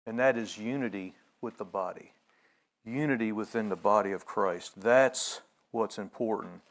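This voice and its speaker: With a fairly low pitch and a normal pace, this pastor preaches in a conversational style, often stumbling into fillers and restarts, then livening up as he retells a story.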